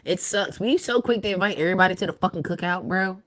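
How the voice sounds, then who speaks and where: A woman's voice: fairly low pitch, quick pace, fairly bright tone, no room sound. A young woman co-hosting a casual podcast chat, ranting in a fiery, profane way. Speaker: guest co-host.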